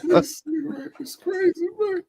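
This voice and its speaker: A man's voice: very high-pitched, unhurried, vocal fry, very noisy. A man co-hosting a casual podcast, answering a friend's stories with laughs and short remarks. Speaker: podcast co-host. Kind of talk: casual chat.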